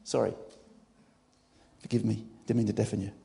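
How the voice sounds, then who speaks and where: A man giving a sermon as a guest preacher, emphatic and given to sudden loud outbursts. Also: on the low side, level tone, normal speed, gravelly. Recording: long church-hall reverb.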